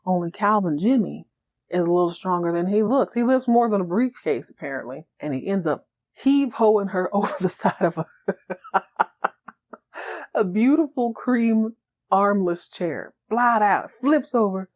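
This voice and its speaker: A woman hosting a podcast who recaps a TV episode in a comedic, animated way and laughs often. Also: medium pitch, normal speed. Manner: animated, joking, laughs a lot. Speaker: podcast host.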